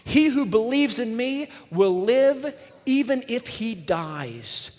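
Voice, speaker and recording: A man voicing a hushed, solemn Jesus. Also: very high-pitched, sing-song, slow, full character voice. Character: solemn, calm male Jesus speaking. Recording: long reverb from a large hall.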